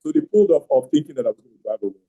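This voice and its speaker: Man, middle-aged, husky voice, rambling storyteller, video call. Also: mid-range voice, very animated, very fast, mellow, rough recording. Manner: rambling, repeats words and restarts often. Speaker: host telling his marriage story. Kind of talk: casual storytelling on an online call. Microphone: online video call.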